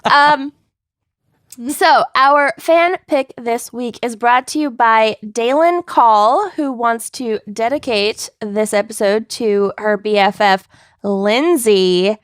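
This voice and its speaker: A woman's voice: a little high, slow pace, smooth, no room sound, studio quality. A woman co-hosting a casual podcast, chatting and laughing often. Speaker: podcast co-host. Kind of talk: casual chat.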